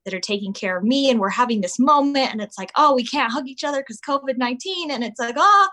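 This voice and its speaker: A woman in her thirties, chatting casually as a podcast guest and telling an animated story. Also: a little high, quick pace. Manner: animated storyteller, acts out voices of her kids. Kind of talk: casual chat.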